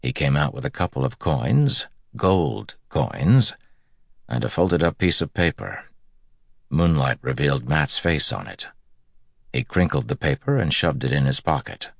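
An audiobook narrator with a very deep, gravelly male voice delivers scripted narration as steady, measured storytelling. The studio sound is clean, with no echo.

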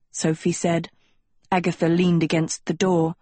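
A woman narrating an audiobook in a measured storytelling manner. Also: lowish voice, a little mellow, slightly rough, no room sound.

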